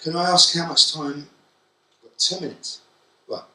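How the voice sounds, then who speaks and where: Bright-voiced man giving a keynote. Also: on the high side, normal speed. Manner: lively, joking, quizzes the audience directly. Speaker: keynote speaker. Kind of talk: conference keynote talk. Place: conference hall at a college. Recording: echoey hall from far off.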